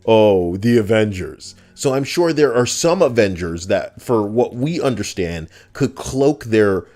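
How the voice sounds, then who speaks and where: A man's voice: on the low side, animated, a little slow, darkish tone. A young man streaming casually, teasing and arguing with plenty of swearing. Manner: profane, teasing, argumentative. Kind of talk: casual live-stream chat.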